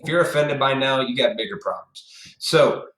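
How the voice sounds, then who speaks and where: A man's voice: medium pitch, normal speed, fairly bright tone. A man hosting a casual live stream, ranting bluntly and with profanity straight at his viewers in a preachy tone. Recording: echoey room.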